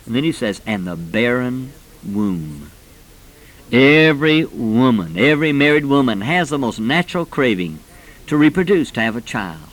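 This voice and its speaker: A man's voice: mid-range voice, poor audio. A man in his forties preaching a sermon, fervent and rising to emphatic peaks as he tells personal stories. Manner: personal storytelling.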